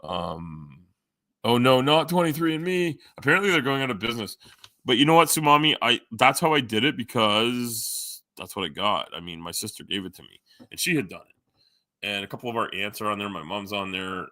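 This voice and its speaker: A man's voice: on the low side, lively intonation, normal speed, pushed and bright, dry recording, clean studio sound. A man chatting casually on a live stream, reading and answering chat, rambling and joking with frequent swearing and fillers. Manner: many fillers, jumps between topics.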